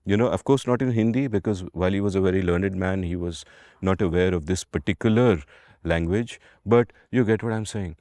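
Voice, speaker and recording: A man's voice: sits low, fairly quick, dark tone, dry recording. A man with an Indian English accent co-hosting a podcast in a casual, digressive storytelling chat, swearing now and then and slipping into Hindi. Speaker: podcast co-host.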